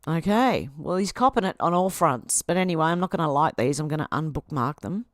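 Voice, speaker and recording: A woman's voice: low voice, lively intonation, fast talker, no room sound, studio quality. An Australian woman hosting a livestream, reading social media posts aloud and answering them with sarcastic asides. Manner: sarcastic, talks back at posts. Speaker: livestream host.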